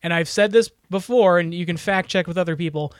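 A young man in easy podcast conversation, voice sitting a touch high and recorded very dry and close. He rambles and jokes with plenty of restarts and fillers. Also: brisk, clear, resonant tone, dry recording. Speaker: podcast co-host. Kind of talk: casual chat.

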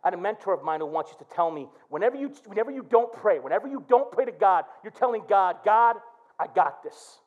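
A man's voice: sits high, quick pace, hardly any pauses, muffled recording. A middle-aged male pastor preaching a sermon, telling stories and acting out prayers. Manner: animated preaching with quoted prayers.

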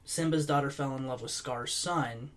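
A man in casual chat, telling stories in an animated way and laughing easily. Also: medium pitch, moderate pace.

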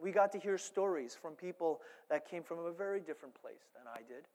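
A male pastor delivers a sermon in an animated storytelling manner, dropping to hushed asides and rising to loud, emphatic points. His speaking voice sits high for a man. A long reverb rings through the church hall. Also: a little fast.

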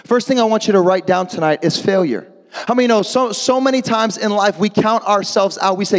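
Energetic preacher, male, high voice, call-and-response, echoey hall. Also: fairly quick. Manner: energetic, rising to shouts, jokey asides. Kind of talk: lively sermon with call-and-response. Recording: long echo of a large hall.

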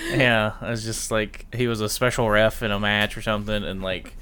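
A man with a bright, forceful tone and a slightly low voice talks casually on a podcast. He rambles and cuts himself off. He slips into quick impressions of what people said. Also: steady tone, clear, resonant tone. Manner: rambling, self-interrupting, mock-quoting people. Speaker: podcast co-host. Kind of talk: casual chat about wrestling.

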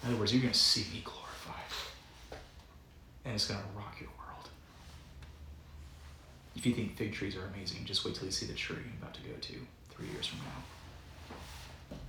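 A man's voice: lowish voice, steady tone, brisk, pauses often, sharp tone, roomy sound, slight background noise, low-quality recording. A man preaching a sermon as pastor, in a conversational, playful way that often breaks into chuckles. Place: church sanctuary.

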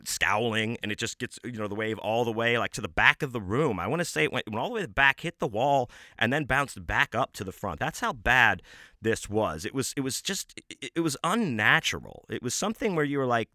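A man's voice: medium pitch, animated, a little fast, sharp tone, no echo, clean studio sound. A man hosting a podcast, telling a rambling, profane story in casual talk with many restarts and fillers. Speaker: podcast host.

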